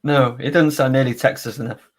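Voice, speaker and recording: A man from North Wales with a mid-range voice talks a little fast while hosting a basketball podcast. In casual interview chat, he's animated and teasing, correcting himself as he goes.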